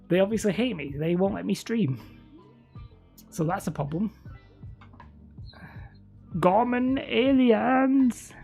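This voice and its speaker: A woman's voice: low-pitched, dark tone. A woman chatting casually on a live stream from home, rambling and laughing often as she talks.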